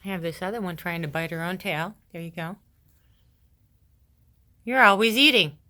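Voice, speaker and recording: A woman's voice: fairly low pitch, moderate pace, sharp tone. A woman filming her dogs at home on a handheld phone, cooing sing-song baby talk at them and scolding them playfully. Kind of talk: casual talk to pets while filming. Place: home, indoors. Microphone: handheld phone camera she is filming with.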